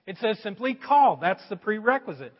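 A middle-aged male pastor preaching a sermon, swinging between loud emphasis and quiet asides. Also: high voice, big pitch swings, moderate pace. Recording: dull, echoey hall sound.

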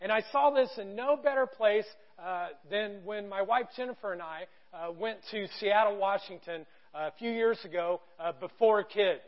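Man preaching, very high voice, storytelling, muffled lo-fi sound. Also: normal speed, hardly any pauses. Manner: storytelling, animated quoted voices. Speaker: pastor. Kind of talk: sermon. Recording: dull lo-fi sound.

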